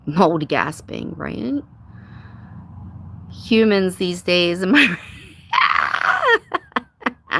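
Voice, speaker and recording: Her voice is lowish, gravelly and expressive, moving very slowly with long pauses. She runs a casual live stream, trading sarcastic remarks, laughing frequently, greeting viewers by name, and calling people "dude" and "y'all."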